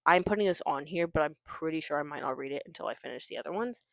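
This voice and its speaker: A woman's voice: low-pitched, fast, vocal fry, fairly bright tone, dry recording. A woman chatting casually about her reading list, rambling and correcting herself with lots of fillers. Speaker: booktuber. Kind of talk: casual chat about books.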